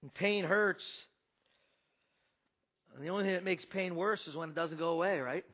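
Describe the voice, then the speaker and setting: A man preaching a sermon as pastor, emphatic, with rhetorical questions, swinging between loud and hushed. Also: sits high, normal speed, highs cut off.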